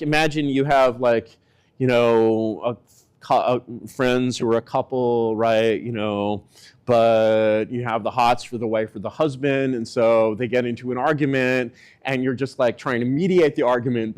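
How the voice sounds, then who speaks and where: A man giving casual spoken political commentary, rambling and leaning on filler words, with his pitch swinging up and down for emphasis. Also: fairly even intonation, normal speed.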